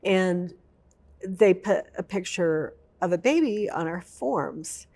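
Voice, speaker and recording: Lady telling her story, kinda low, gravelly, gets real emotional. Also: lively intonation, takes it slowly, darkish tone. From United States. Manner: emotional, vivid storytelling with repetition. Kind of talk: personal story in an interview.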